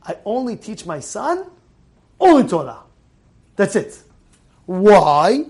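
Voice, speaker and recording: A middle-aged man delivers a sermon in a notably high voice. He tells stories with animated energy, repeats key phrases for emphasis, and slips Hebrew words into his talk. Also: takes it slowly, breathy edge. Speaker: Torah teacher.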